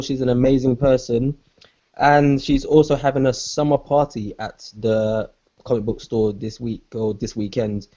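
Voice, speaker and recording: A man's voice: medium pitch, mellow. A man co-hosting a casual podcast, talking in a hesitant way with many fillers. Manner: hesitant, filler-heavy plug. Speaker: podcast co-host. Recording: dull lo-fi audio.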